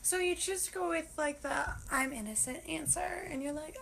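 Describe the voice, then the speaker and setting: High bright-voiced young woman joking. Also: normal speed, vocal fry, few pauses, a little hiss or hum. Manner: casual, swearing, acts out inner thoughts. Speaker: comedian. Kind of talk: comic monologue.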